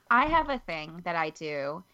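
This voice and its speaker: A woman hosting a casual podcast chat, chatty and laughing often, animated when quoting others. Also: on the low side, dry recording, highs cut off. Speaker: podcast host.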